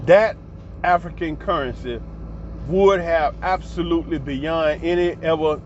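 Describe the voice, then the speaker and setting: A man with a high-pitched voice rants passionately, swearing freely and getting heated as he talks. The recording sounds a little dull and lo-fi, with faint street and traffic noise in the background. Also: unhurried. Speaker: commentary vlogger. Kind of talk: ranting commentary.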